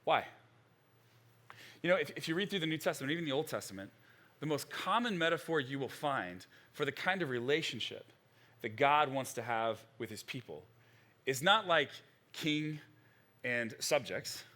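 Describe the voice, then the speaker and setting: A middle-aged male pastor preaching a sermon in a conversational, animated way, with frequent restarts. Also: medium pitch, moderate pace, pauses often.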